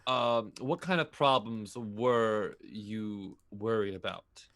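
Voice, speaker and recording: A man's voice: lowish voice, takes it slowly, fairly bright tone. A man playing a tabletop game, direct and practical, asking pointed questions. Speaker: player. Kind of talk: casual tabletop play.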